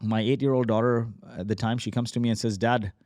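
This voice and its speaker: A man in his forties, a startup founder telling his story as a podcast guest, animated and acting out quoted dialogue. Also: mid-range voice, fast, dry recording, studio quality. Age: 40s. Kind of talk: energetic storytelling.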